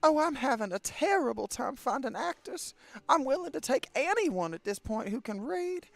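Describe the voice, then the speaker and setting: A man voicing a young Southern belle actress who runs a small theater, in a high, theatrical falsetto with a Southern accent. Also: big pitch swings, moderate pace, creaky, fairly bright tone, no echo, full character voice. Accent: American Southern.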